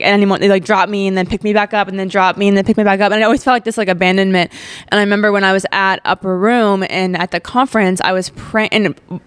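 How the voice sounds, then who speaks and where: Young female podcast host in her twenties, candid, emotional testimony full of casual fillers, mid-pitched, dry close sound. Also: clean tone, no echo. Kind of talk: personal faith testimony, casual chat.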